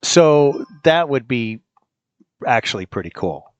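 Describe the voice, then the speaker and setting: A man hosting a casual demo, talking in a relaxed, rambling way with fillers. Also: medium pitch, slow, no echo, muffled recording. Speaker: host demonstrating an app. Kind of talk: casual screen-recorded demo.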